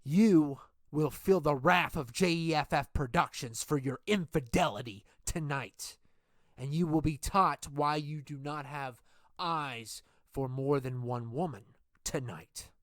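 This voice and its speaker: A man playing a menacing leader of a villainous wrestling group in a game role-play, taunting with slow, drawn-out threats. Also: fairly high pitch, no room sound, clean studio sound, voice pushed down, lightly acted.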